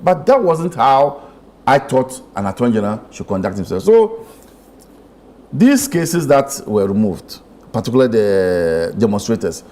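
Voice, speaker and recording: A man's voice: mid-range voice, big pitch swings, a little slow, a little mellow. A man, a member of parliament, arguing insistently in a TV studio panel debate. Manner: insistent, argumentative.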